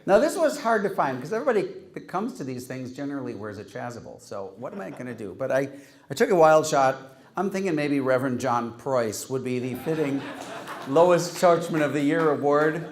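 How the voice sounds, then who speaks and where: A man's voice: medium pitch, big pitch swings, a little fast. A man hosting an event and handing out humorous awards, teasing the recipients in a wry way and reading Latin quotes aloud. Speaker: host handing out joke awards. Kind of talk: humorous after-dinner award speech.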